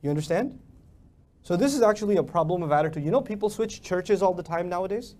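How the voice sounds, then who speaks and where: Man, high-pitched voice, preacher, religious lecture, emphatic, rhetorical questions. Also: lively intonation, fast, a little mellow. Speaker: Islamic preacher.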